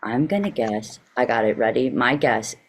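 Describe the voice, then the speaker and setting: Very low-voiced playful woman. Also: normal speed. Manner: playful, teasing. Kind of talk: casual chat.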